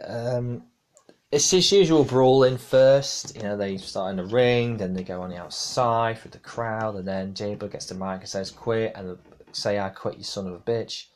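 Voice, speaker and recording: Rambling man, low voice. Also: slow, pauses often, darkish tone. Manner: rambling, hesitant, many fillers and restarts. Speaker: podcast host. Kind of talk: casual wrestling review podcast.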